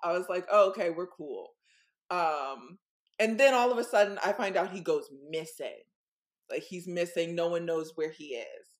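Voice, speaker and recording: A woman's voice: on the low side, lively intonation, normal speed. A young woman co-hosting a podcast, telling a story casually in a rambling way, full of "like" and "um". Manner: rambling, full of "like" and "um", acts out voices. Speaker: podcast co-host.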